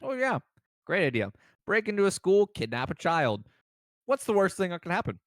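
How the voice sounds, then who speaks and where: A man's voice: high-pitched, big pitch swings, moderate pace, dry recording, voice pushed up. A man voicing a wisecracking phantom, talking sarcastically through a mouthful of pizza. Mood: sarcastic.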